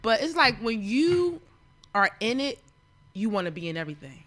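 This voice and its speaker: A woman, a convenience store owner talking about her business in a casual podcast chat, relaxed and a little worn out. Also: fairly high pitch, normal speed.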